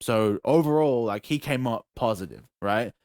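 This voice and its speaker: A young Australian man, a podcast host, telling a story in casual chat, animated and profane, acting out moments with yelps. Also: medium pitch, normal speed, dry recording, studio quality. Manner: animated, profane, acts out scenes with yelps and shouts.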